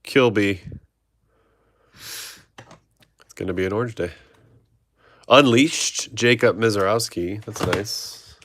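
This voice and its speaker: A man's voice: on the low side, takes it slowly, long pauses, fairly bright tone, dry recording. A man hosting a trading card break, reading off player names and chatting with viewers. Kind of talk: live card-opening stream chat.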